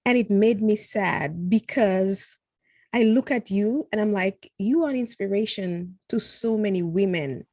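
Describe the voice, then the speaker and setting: A woman's voice: mid-range voice, a little slow, a little mellow, no room sound. A woman hosting an interview, asking questions in an effusive, emotional way with many restarts. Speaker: interview host. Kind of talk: interview conversation.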